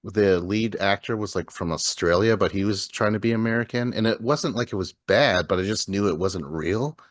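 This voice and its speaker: A very low-pitched man with a Wisconsin accent, co-hosting a podcast in easy, rambling chat. He laughs often and lets thoughts trail off. His voice sits close and dry, with no room sound. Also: moderate pace, no echo. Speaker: podcast co-host. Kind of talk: casual chat.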